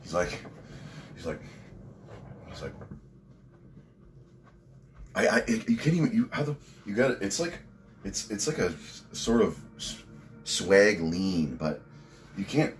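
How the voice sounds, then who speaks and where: Man, extremely low voice, rambling casual vlog talk, swears a lot, faint room noise. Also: lively intonation, normal speed, pauses often. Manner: rambling, profane, laughs at his own stories. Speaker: fitness vlogger and coach.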